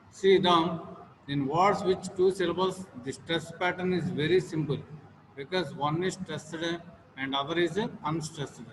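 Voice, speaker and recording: A male teacher with an Indian English accent giving an online class lecture, halting, repeating each sentence and filling pauses with "uh". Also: fairly high pitch. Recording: echoey room with steady background noise.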